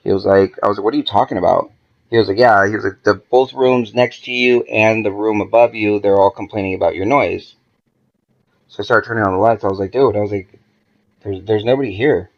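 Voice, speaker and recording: Gravelly-voiced man telling a story. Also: fairly low pitch, brisk, highs cut off. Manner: profane, animated, acts out quoted dialogue. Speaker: podcast guest. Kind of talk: casual storytelling.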